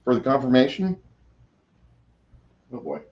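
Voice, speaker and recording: A man's voice: medium pitch, huge pitch swings, measured pace, darkish tone. Game master, male, easygoing and jokey, dull lo-fi home recording. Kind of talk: running a tabletop game.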